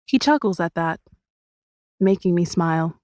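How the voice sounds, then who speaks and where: A woman narrating an audiobook in the first person, soft and measured. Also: lowish voice, animated, no room sound, clean studio sound.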